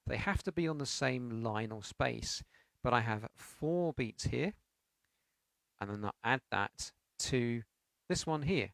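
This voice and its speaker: A man's voice: medium pitch, expressive, slow pace, gravelly, a bit bright, dry recording. A man teaching a beginners' piano lesson, explaining notes patiently and counting beats aloud with sung syllables. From United Kingdom.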